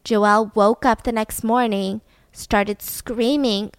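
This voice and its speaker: A woman's voice: a little high, steady tone, slow pace, clean tone, no echo, clean studio sound. A young adult woman telling a true-crime story in a casual, blunt way, swearing and using lots of "like". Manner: chatty, blunt, swears, fills with "like". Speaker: podcast host.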